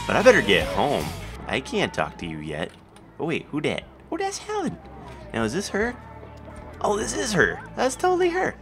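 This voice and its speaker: A man casually commenting while playing a life-simulation video game, talking to the characters and jumping up in pitch when surprised. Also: a bit bright. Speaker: gameplay commentator. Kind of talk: casual let's play commentary.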